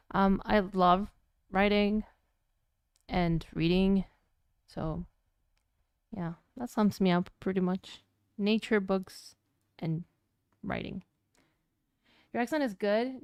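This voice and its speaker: Woman with Latin American Spanish accent, teasing stream chat, smooth clear voice, dry close sound. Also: mid-range voice, a little mellow, no echo. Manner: playful, teasing, chatty. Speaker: streamer's partner answering chat.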